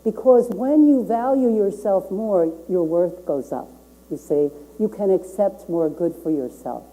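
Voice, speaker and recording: A woman's voice: mid-range voice, unhurried, mellow, rough recording. An older woman minister giving a sermon, earnest and repeating key phrases for emphasis.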